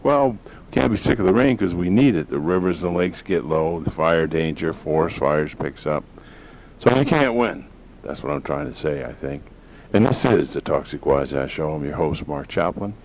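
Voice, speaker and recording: Gravelly deep-voiced talk radio host. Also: male voice, expressive, normal speed. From northern Maine. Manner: folksy, rambling, opinionated. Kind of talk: rambling talk radio monologue. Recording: dull lo-fi sound with faint hiss.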